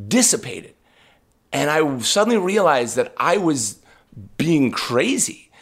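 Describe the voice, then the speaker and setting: A man guest on a podcast, telling a story about himself in a casual, animated, self-deprecating way. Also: a little high.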